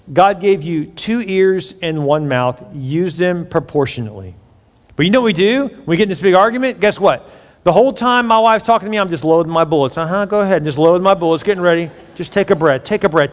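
A man preaching a sermon as pastor, conversational and joking, with sudden emphatic bursts. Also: high voice. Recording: echoey hall.

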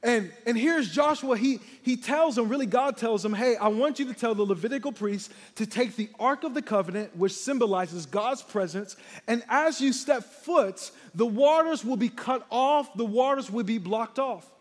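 A young man from Texas preaching a lively sermon as a middle school pastor, energetic and calling out to the congregation. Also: very high-pitched, moderate pace, few pauses. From San Antonio, Texas. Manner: energetic, hype, calls out to the congregation. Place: large church hall. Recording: live church hall with long reverb.

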